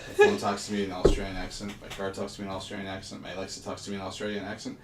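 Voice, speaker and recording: A man's voice: sits low, completely flat delivery, rapid-fire, very noisy. A man, chatting casually and rambling through stories while working on a puzzle livestream. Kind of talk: casual chat. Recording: echoey room, mic far off.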